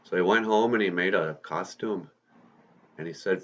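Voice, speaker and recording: A man's voice: low voice, normal speed, dull audio. A man host casually retelling a story in a folksy, conversational way, drawing out words for emphasis.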